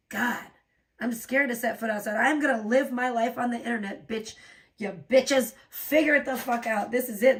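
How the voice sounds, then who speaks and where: A woman's voice: on the high side, a little fast, a bit bright, recorded from a distance. A woman hosting a livestream, ranting in a profane, rambling way and laughing often. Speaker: livestream host. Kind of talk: casual livestream rant.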